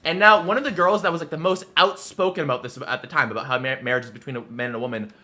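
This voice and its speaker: Brief: streamer guy in his 20s, rambling and animated, with a sharp bright tone and a slightly higher pitch. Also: rapid-fire. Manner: rambling, filler-heavy, animated. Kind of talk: casual storytelling while gaming.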